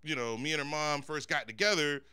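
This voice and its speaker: A man's voice: fairly high pitch, brisk, pushed and bright, clear, resonant tone. A young adult man doing a stand-up comedy set, telling stories with lots of profanity and talking straight to the audience. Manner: profane, conversational storytelling; addresses the audience directly.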